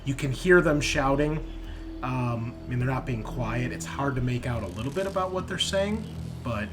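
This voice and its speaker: A man's voice: medium pitch, lively intonation, moderate pace, background noise. A man running a tabletop game as game master, describing the scene to players in a loose, rambling way. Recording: tense background music.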